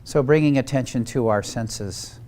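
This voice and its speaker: A man leading a guided meditation in a slow, calm manner. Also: medium pitch. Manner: slow, calm, unhurried phrasing. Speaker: meditation leader.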